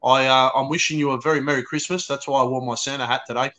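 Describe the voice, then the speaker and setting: A man's voice: medium pitch, fairly even intonation, fast, sharp tone, slight background noise. An Australian man guesting on a live show, bantering cheekily and saying "mate" a lot. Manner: cheeky, banter-heavy, says mate often. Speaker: guest, fellow show host. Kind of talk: casual live-stream chat.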